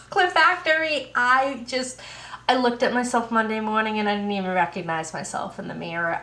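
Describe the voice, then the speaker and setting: An American woman hosting a podcast from home, chatting casually in an unhurried, rambling way with many fillers. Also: mid-range voice, fairly bright tone, reverberant. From United States. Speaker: podcast host. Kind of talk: casual knitting podcast chat.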